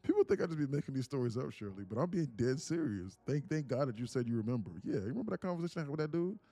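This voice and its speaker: A man hosting a live day-trading stream, telling stories in a casual, animated way and muttering about the charts. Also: medium pitch, rapid-fire, no room sound. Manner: animated storytelling, acts out quotes, laughs often. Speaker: livestream day trader. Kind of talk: casual livestream chat.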